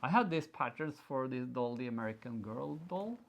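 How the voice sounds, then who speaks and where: Male co-host, gravelly, halting, casual storytelling. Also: medium pitch, animated. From Norway. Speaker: podcast co-host. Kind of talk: casual chat.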